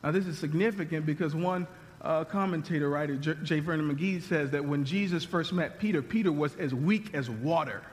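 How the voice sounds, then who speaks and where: A male pastor preaching a sermon in a conversational, animated way, often restarting his sentences, recorded with long reverb in a large hall. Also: a little high, brisk.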